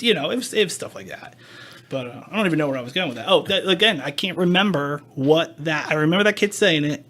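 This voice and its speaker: A man with a somewhat high voice chats on a podcast, recounting a story. He talks casually, swears freely and slips into the voices of people he quotes. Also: a bit bright. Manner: storytelling, acts out quoted dialogue, swears, self-interrupting. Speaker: podcast host. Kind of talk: casual chat.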